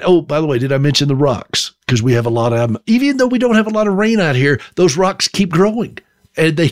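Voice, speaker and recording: A man's voice: on the high side, no echo, clean studio sound. A middle-aged man from South Carolina with a Southern accent, telling a folksy, self-deprecating story as a monologue.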